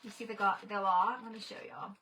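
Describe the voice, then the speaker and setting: An older woman chatting casually on a livestream as host, gushing and excitable as she talks to her viewers. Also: mid-range voice, brisk, slight background noise.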